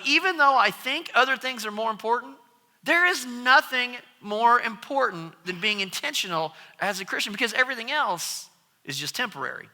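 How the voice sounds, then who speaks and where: A man preaching a sermon as pastor, telling stories in an animated way. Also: sits high. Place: church sanctuary. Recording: long church reverb.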